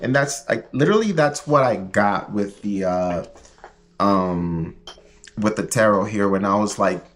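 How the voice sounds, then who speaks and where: Low-voiced man reading tarot on stream. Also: animated, unhurried. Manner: rambling, filler-heavy, chatty. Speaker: tarot reader. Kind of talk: casual livestream tarot reading.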